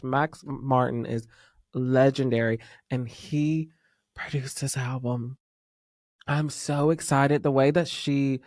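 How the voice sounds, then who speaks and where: A man hosting a casual pop music podcast, talking in an excitable, gushing fan manner with sudden whispers. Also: a little high, no room sound, clean studio sound. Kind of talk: casual chat.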